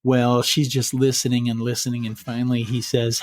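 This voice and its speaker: A man hosting a podcast, telling a scary bedtime story in a measured way, slowing down for suspense. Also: mid-range voice, monotone, no echo. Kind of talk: spooky bedtime story narration.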